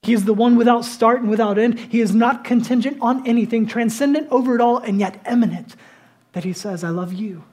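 A man's voice: very high voice, a little fast, darkish tone. A male pastor preaching a sermon to his congregation, speaking conversationally and building to emphatic bursts.

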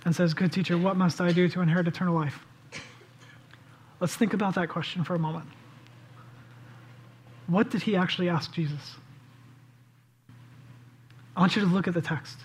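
A man's voice: sits high, steady tone, normal speed, pauses often, husky. A male pastor preaching a sermon with passion, acting out the people in the story as he goes. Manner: impassioned preaching, acts out the voices of the people in the story.

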